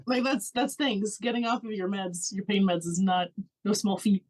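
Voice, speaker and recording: A woman's voice: mid-range voice, normal speed. A woman co-hosting a casual podcast. She tells stories in a chatty, easygoing way, laughing along as she goes. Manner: chatty, storytelling, laughs often. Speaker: podcast co-host. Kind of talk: casual chat.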